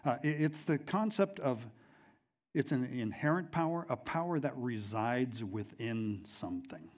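A man's voice: medium pitch, expressive, unhurried, darkish tone. A middle-aged man teaching a Bible lesson, telling a personal story in a conversational way with many fillers and restarts, at times emotional.

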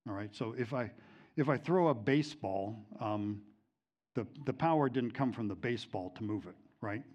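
A man's voice: fairly low pitch, normal speed, lo-fi sound. A middle-aged man teaching a Bible lesson, telling a personal story in a conversational way with many fillers and restarts, at times emotional.

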